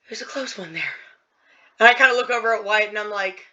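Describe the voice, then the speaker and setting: A woman playing a tabletop game, talking casually and softly emotional in character. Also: mid-range voice, fast talker, muffled recording. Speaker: player.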